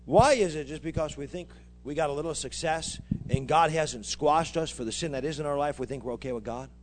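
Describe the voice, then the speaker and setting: Pastor, man, high-pitched, fiery call-and-response preaching style. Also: fairly quick, soft background music. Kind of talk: sermon.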